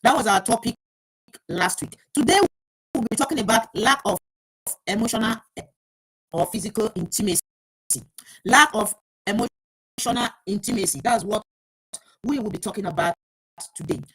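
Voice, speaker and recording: A woman's voice: mid-range voice, moderate pace, long pauses, fairly bright tone, breathy edge, no room sound, poor audio. A woman hosting a live-streamed call-in program on relationships, repeating herself while handling viewers' requests. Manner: repetitive, stops to handle viewers' sharing requests. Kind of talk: live-streamed talk show. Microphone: live stream mic, checking volume.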